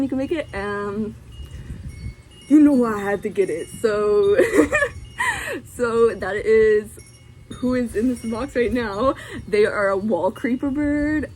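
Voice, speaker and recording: A woman's voice: mid-range voice, darkish tone, slight background noise. A young woman vlogging casually, giggling and gushing with many fillers as she unboxes something.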